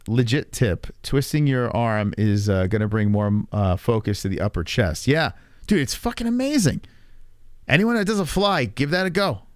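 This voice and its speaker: A man's voice: medium pitch, dry recording. A man hosting a livestream, chatting casually in a rambling, crude, joking way and reacting to chat messages. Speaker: livestream host.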